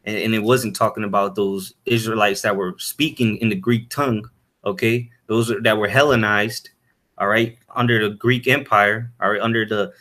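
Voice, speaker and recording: A man giving an informal Bible lesson, halting with many fillers and "all right?" tags, and reading verses aloud in old-fashioned wording. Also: fairly low pitch, steady tone, bright, forceful tone. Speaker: Bible teacher. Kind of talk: informal scripture teaching.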